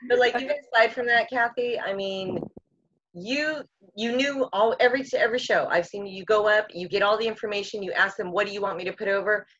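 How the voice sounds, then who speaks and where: A woman's voice: medium pitch, fairly quick, a bit bright, dry recording, dull audio. A woman on a casual group video call, effusive and swearing freely. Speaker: wrestling school staff.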